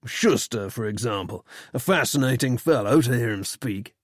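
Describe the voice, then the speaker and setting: A man's voice: medium pitch, animated, normal speed, no room sound, studio quality, natural voice. A man reading an audiobook and voicing a young Englishman with a mild, earnest manner.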